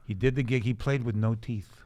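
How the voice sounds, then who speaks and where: An older man, a guest comedian, telling rambling anecdotes in casual podcast chat, with restarts and quick laughs. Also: medium pitch, fairly even intonation, mellow, no room sound. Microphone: studio podcast mic.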